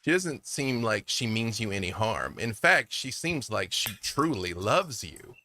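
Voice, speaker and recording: A man narrating as game master of a tabletop game, descriptive and animated, with casual fillers. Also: lowish voice, unhurried, no echo.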